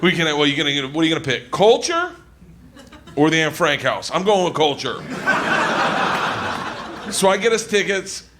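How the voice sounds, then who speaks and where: A man doing a stand-up comedy set on stage, loud and excitable, swearing freely and laughing through his lines. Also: fairly high pitch, moderate pace, long pauses, background noise. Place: comedy stage before an audience.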